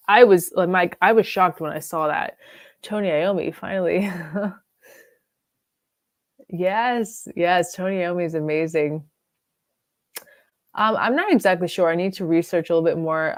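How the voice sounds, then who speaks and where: Young woman, lowish voice, dry close sound; casual rambling live-stream chat. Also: no room sound. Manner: chatty, rambling, laughs often. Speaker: fragrance vlogger.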